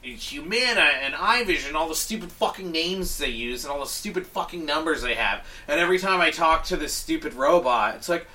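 A man ranting in casual chat, exasperated and animated, swearing constantly. His voice is bright and tense, and sits a little high for a man. He sounds some distance from the mic. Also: brisk, hardly any pauses.

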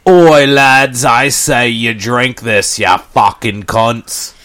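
A man's voice: mid-range voice, fairly even intonation, slow. A man putting on a crude, rowdy British bloke. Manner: shouting, swearing, mock Cockney.

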